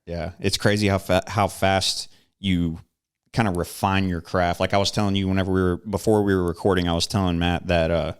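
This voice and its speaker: A man's voice: sits low, brisk, clear, resonant tone. A man with a Texan accent hosting a podcast in his home studio, chatting casually and telling stories. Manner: relaxed, chatty storytelling with playful impressions. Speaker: podcast host.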